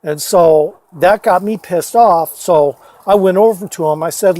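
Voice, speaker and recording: A man with a notably high-pitched voice tells loose, meandering personal stories into his phone. He swears freely and keeps stopping to restart his sentences, padding them with "uh" and "you know". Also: measured pace, darkish tone. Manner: profane, rambling, many fillers and restarts. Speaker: storyteller vlogger. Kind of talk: casual rambling storytelling.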